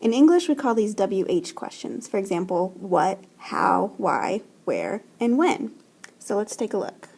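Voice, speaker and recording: Husky woman teaching French slowly. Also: mid-range voice, very animated, a little mellow. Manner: slow, careful explaining with modelled French phrases. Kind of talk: recorded language lesson voice-over. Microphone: screen-recording voice-over.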